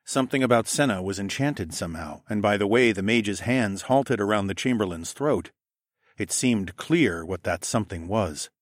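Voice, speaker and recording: A man narrating a fantasy story in a measured, even way. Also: lowish voice, dry recording, clean studio sound.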